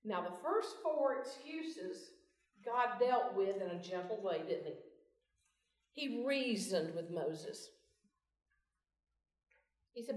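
A woman's voice: mid-range voice, lively intonation, takes it slowly, pauses often. A woman giving a folksy devotional talk, asking her group questions, recorded in a meeting room away from the mic. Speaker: Bible study speaker. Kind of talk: devotional teaching. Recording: roomy, from far off mic.

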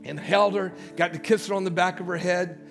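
A man's voice: high-pitched, steady tone, a little fast, gravelly, over music. A man preaching a sermon as pastor in a church, emphatic, calling out to his congregation. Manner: emphatic call-and-response preaching. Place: church sanctuary.

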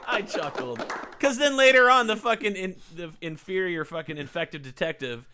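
A man's voice: high-pitched, very animated, brisk, noisy background. A man joking around and cracking wise while co-hosting a casual podcast. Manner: joking, wisecracking. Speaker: podcast co-host. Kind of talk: casual profane chat.

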